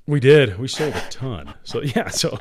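A man speaks in a candid, emotional way as an interview guest, laughing now and then and choking up a little. His voice has an everyday middle pitch, and he tells his story in a loose, conversational way. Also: big pitch swings, a little slow. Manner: emotional, laughs often, calls the host "guy". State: teary. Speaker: guest entrepreneur.

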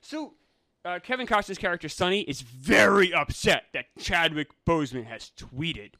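A man co-hosting a casual film-review chat, animated and incredulous as he teases his co-host. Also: sits high, moderate pace, no room sound, clean studio sound. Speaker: podcast co-host.

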